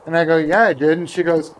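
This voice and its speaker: A man with a fairly high-pitched voice tells a rambling story in relaxed, casual conversation. He keeps slipping into the voices of the people he quotes as he goes. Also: moderate pace. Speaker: guest golfer. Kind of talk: casual anecdote telling.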